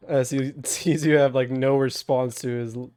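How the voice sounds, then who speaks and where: A young man running a tabletop game as game master, talking in a loose, relaxed way with lots of fillers and restarts. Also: mid-range voice, normal speed, clean tone, no room sound, clean studio sound. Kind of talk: casual tabletop game narration.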